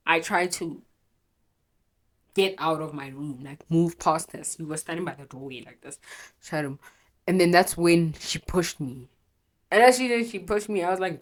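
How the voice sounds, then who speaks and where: A woman's voice: deep voice, normal speed. A young woman telling a painful personal story in a raw, emotional way, swearing and correcting herself, teary with a runny nose from crying. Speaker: storytelling vlogger.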